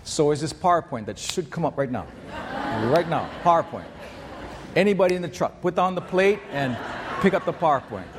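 A man preaching a sermon as pastor, telling stories with lively acted-out voices. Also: fairly high pitch, fairly quick. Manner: animated storytelling, acts out voices. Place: church hall. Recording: long hall reverb, faint noise.

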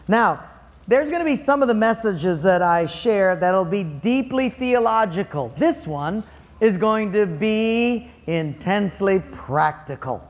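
A man's voice: high-pitched, lively intonation, measured pace, big-room sound. A man preaching a sermon to his congregation, conversational and playful as he leads them. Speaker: pastor.

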